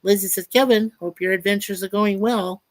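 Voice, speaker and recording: A man's voice: sits high, steady tone, normal speed, dry recording. A man hosting a casual livestream, chatting upbeat and reading out viewers' chat messages. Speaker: livestream host.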